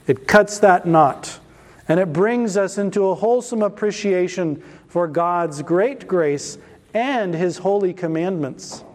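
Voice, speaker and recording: A male pastor preaching a sermon emphatically, slowing down to stress key words. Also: sits high, a little mellow, in a large hall.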